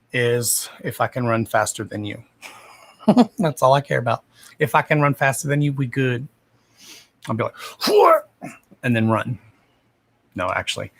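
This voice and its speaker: A young man hosts a psychic reading livestream, chatting casually with viewers by name while swearing freely and laughing often. His voice is medium-pitched and a bit bright.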